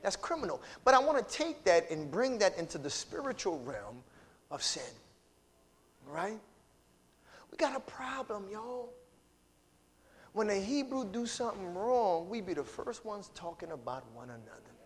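A man preaching a sermon in a church, in call-and-response style, swinging from loud to hushed. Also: sits high, sing-song, normal speed, long pauses, slight background noise. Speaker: pastor. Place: church sanctuary. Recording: long church reverb.

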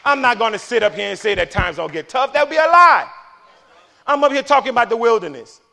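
Man, passionate sermon, low murmurs to loud declarations, gravelly. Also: big pitch swings, quick pace. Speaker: preacher.

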